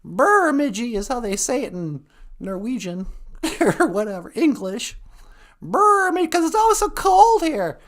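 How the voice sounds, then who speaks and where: A woman's voice: a little high, very animated. A woman from Minnesota co-hosting a casual live-stream podcast, playful and giggly. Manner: playful and giggly, drawn-out words. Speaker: podcast co-host.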